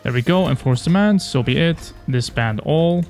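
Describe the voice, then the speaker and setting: A young man casually commentating his strategy game, animated and taunting, swearing as he plays. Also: a little high, normal speed, soft background music. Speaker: gaming YouTuber.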